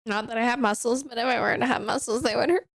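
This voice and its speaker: A woman's voice: on the high side, fairly even intonation, fast, crowd noise. Hiccuping young woman streamer. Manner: flustered, exclaiming, giggly. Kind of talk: casual livestream chat.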